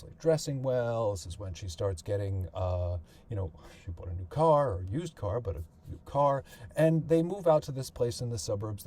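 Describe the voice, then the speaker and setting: A man's voice: medium pitch, mellow. A middle-aged man narrating his family's history in a conversational way, thinking aloud with fillers and restarts. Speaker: podcast host and author.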